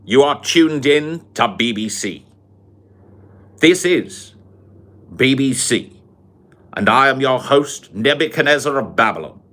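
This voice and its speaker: A man putting on a mock posh English accent, playing a pompous upper-class British gentleman host with a haughty, blustering manner. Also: mid-range voice, expressive, takes it slowly, long pauses, pitched above the performer's own voice. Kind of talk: comedic impression.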